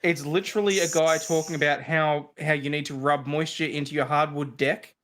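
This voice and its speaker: A man's voice: a little high, steady tone, fairly quick, a bit bright. A man co-hosting a casual live stream who explains things chattily with frequent restarts. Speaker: stream co-host.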